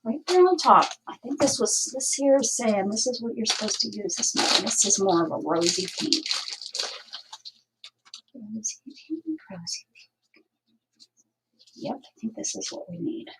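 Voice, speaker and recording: A woman's voice: fairly high pitch, lively intonation, unhurried, pauses often, a bit bright, slight background noise, poor audio. A woman hosting a crafting livestream, chatting casually and thinking aloud as she works. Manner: chatty, thinking aloud while working, with asides and laughs.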